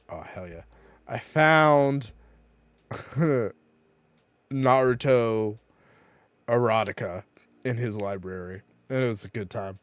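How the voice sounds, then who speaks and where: A man's voice: medium pitch, slow, pauses often, no room sound. A tipsy man on a casual charity stream, reading game dialogue aloud and laughing often between lines.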